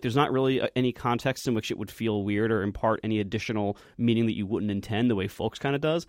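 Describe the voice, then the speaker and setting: A man's voice: medium pitch, a little mellow, no echo, studio quality. A man co-hosting a podcast in casual chat, meandering and full of fillers, often laughing. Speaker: podcast co-host.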